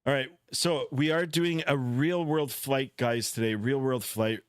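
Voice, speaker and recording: A man's voice: mid-range voice, unhurried, smooth, no echo, clean studio sound. A Canadian man streaming a flight simulator, chatting casually and reading viewer comments aloud. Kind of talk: casual live-stream chat.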